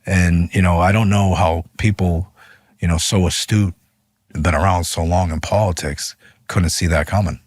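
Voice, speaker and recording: A deep, husky male voice, blunt and animated as he recounts events to an interviewer. The sound is dry and close, with no room around it. His voice climbs sharply when he gets fired up. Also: normal speed, no echo. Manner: animated, voice rises when retelling arguments. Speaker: union leader guest. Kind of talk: interview storytelling.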